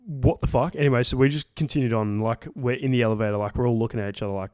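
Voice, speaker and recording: Co-hosting a podcast, a young Australian man tells a casual, rambling story, racing along at an ordinary middle pitch with a slightly mellow, clean tone. He swears freely and leans heavily on "like" and "um". The recording is close and fully dry, with no room sound.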